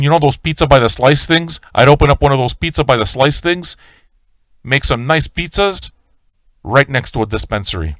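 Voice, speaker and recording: A man's voice: mid-range voice, fairly bright tone, no echo. A man hosting a live-stream radio show, ranting in a swaggering, profane way and talking straight to his viewers. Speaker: livestream radio host.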